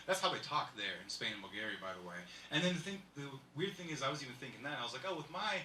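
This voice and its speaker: A man's voice: mid-range voice, expressive, rapid-fire, hardly any pauses, pushed and bright, slight background noise. A man in his thirties doing a rambling, observational stand-up set at a live comedy venue, full of "like". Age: 30s. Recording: echoey room, mic from far off.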